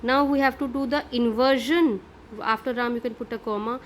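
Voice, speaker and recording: A middle-aged woman teaches a French grammar lesson. She explains each step patiently and keeps checking in with her students. Her voice sits a little high, with a faint hiss of background noise. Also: steady tone, a little fast.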